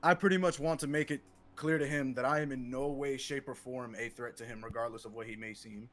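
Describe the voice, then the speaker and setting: A man's voice: mid-range voice, steady tone, fairly quick, fairly bright tone. A young man speaking as a player in a tabletop game, hesitant and rambling with many fillers. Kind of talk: casual tabletop game chat.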